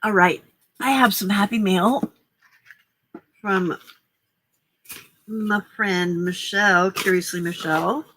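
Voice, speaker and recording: A woman's voice: mid-range voice, steady tone, takes it slowly, pauses often, a bit bright, a little hiss or hum. A woman hosting a casual late-night crafting livestream, chatty and upbeat, greeting viewers by name. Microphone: desk microphone.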